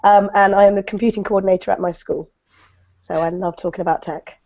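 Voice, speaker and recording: Croaky woman with a mellow voice. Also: medium pitch, fairly even intonation, brisk. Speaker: teacher guest. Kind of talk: webinar introduction. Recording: lo-fi online call audio.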